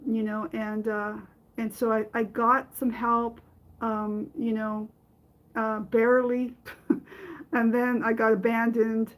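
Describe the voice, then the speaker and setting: A middle-aged woman hosting a podcast, telling a personal story in a halting way with many fillers and restarts. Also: fairly high pitch, rough recording. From from another country. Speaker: podcast host.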